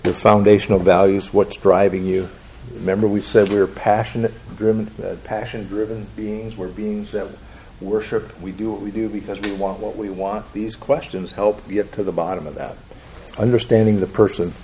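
A man's voice: on the low side, level tone, moderate pace, mellow. A man teaching a counseling class, asking his students questions and acting out the replies people give. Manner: asks the class questions, acts out quoted replies. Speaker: counseling instructor. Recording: roomy classroom with faint noise.

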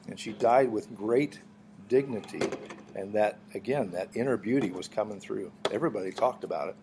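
A middle-aged man preaching a sermon as pastor, teaching earnestly, often clearing his throat and restarting phrases. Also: on the low side, normal speed, background noise.

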